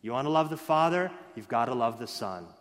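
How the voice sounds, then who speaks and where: A man preaching a sermon, stressing key words loudly and then dropping to hushed lines. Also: mid-range voice, animated, brisk. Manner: emphatic, swings between loud stresses and hushed lines. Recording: long hall reverb.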